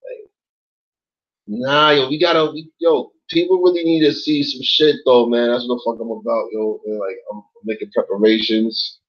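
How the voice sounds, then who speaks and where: A man hosting an online show in loose, casual commentary, rambling in slang with lots of swearing and sudden jumps up in pitch when he gets worked up. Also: fairly even intonation, moderate pace. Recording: dull lo-fi sound.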